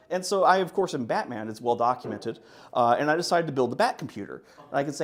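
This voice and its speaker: A man presenting at a tech conference in a playful, animated way. His voice sits at an ordinary middle pitch and is picked up by a presenter's microphone. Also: fast. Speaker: conference speaker. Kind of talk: conference talk.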